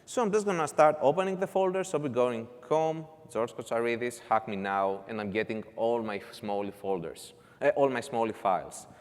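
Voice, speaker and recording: A man's voice: medium pitch, normal speed. Man, conference speaker, live demo walkthrough, casual asides, echoing hall. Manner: walks through folders step by step, casual asides. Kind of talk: technical talk with live demo.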